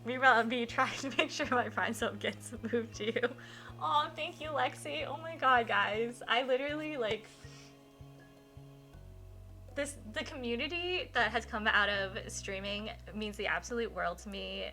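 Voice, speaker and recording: A woman's voice: on the high side, moderate pace, sharp tone, faint music behind. A young woman streaming a game live, gushing with thanks to her chat and talking in a chatty way full of fillers. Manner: gushing, emotional, many thank-yous.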